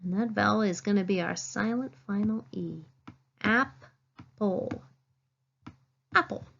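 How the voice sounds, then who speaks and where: A woman teacher giving a phonics lesson, saying each word slowly and clearly and stressing it. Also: medium pitch, dull audio, a little hiss or hum. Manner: slow, clear teacherly dictation, stressing words.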